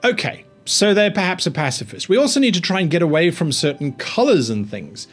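A man's voice: fairly high pitch, big pitch swings, fairly quick, soft background music. A man giving a rambling, think-aloud tutorial on tabletop game mastering, with frequent restarts.

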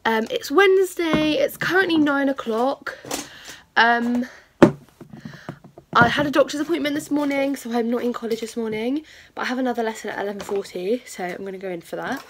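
A woman's voice: a little high, slight background noise. A young woman vlogging casually, chatty and self-mocking, talking into a phone camera. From United Kingdom. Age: young adult. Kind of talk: casual vlog chat.

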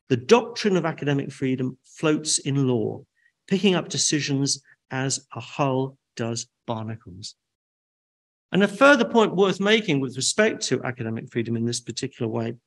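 An older man lecturing in a lecture hall, his voice sitting a little high and moving animatedly up and down. He speaks in a measured, deliberate way and drops in dry asides. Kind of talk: academic lecture.

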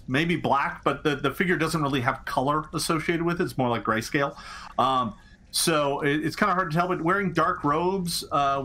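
A man's voice: on the high side, pushed and bright. A man narrating as game master of a tabletop game, rambling with many fillers and restarts.

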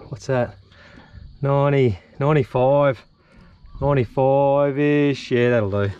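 An Australian man vlogging his fishing outdoors, excitedly talking to the fish and the viewers as he fights and lands it. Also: medium pitch, slow pace, clear, resonant tone, dry recording, muffled recording. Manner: excitable, chatty, swears and laughs while fighting fish. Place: outdoors on the water.

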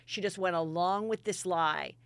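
A woman hosting a comedy podcast, chatting in a gossipy, animated way and telling stories with loud impressions. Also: lowish voice, normal speed, smooth, dry recording. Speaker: podcast host. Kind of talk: casual comedic chat.

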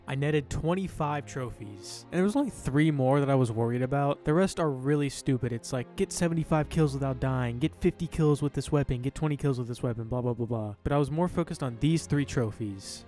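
A man doing let's-play commentary as a gaming YouTuber, excitable, swearing and yelling at the game. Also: mid-range voice, a little fast, hardly any pauses, soft background music.

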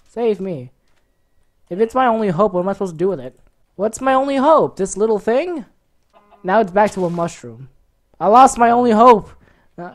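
Woman doing let's play commentary, kinda low voice but swings all over, gets loud and jumpy at stuff. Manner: excitable, reacts loudly to game events. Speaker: gaming channel host.

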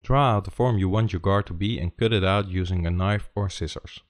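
A man with a Dutch accent giving steady step-by-step instructions in a scripted how-to narration. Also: sits low, a little fast. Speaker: tutorial host.

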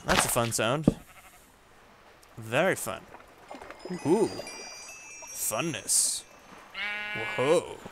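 A man's voice: mid-range voice, animated, very slow, pauses often, heavy background noise. A man casually commenting on his own survival game, chatty and muttering to himself as he goes. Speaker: gamer playing a survival game. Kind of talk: casual let's-play commentary. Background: loud game music.

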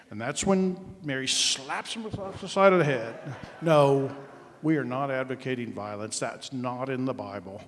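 A man preaching a sermon as pastor, telling the story conversationally, moving from sudden shouts to hushed asides. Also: medium pitch, moderate pace. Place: church sanctuary. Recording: long church hall reverb.

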